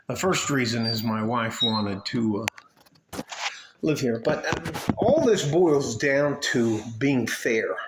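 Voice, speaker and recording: This vlogger, a man from Highland Park in Detroit, tells a story in a casual rant, swearing a lot and rambling through plenty of fillers and restarts. His voice is mid-range, with noise in the background.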